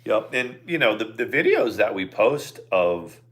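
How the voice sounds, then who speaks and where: A middle-aged man with a very low voice, chatting on a couple's live stream. He talks in an easygoing, halting way and keeps restarting his sentences. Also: very animated, fairly bright tone. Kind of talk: casual chat.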